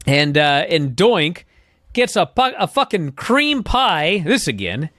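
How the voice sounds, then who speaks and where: A man co-hosting a podcast, talking casually, swearing a lot and ranting with big jumps in pitch. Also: slow, no echo, studio quality. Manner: profane, animated, swings his pitch up when outraged. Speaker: podcast co-host. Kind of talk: casual chat.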